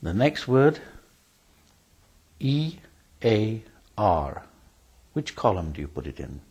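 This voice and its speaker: Slow, husky-voiced male teacher. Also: on the low side, sing-song, darkish tone, poor audio. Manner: slow, careful, spells words letter by letter. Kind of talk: spelling lesson.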